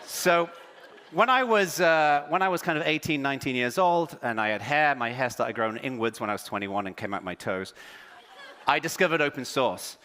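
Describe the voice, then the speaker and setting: A man from England with a half-English, half-American accent, giving a joking, self-deprecating, energetic conference keynote on stage. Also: mid-range voice, a little fast, long reverb tail, a little hiss or hum. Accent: English with American influence. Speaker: keynote speaker. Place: large conference hall on stage.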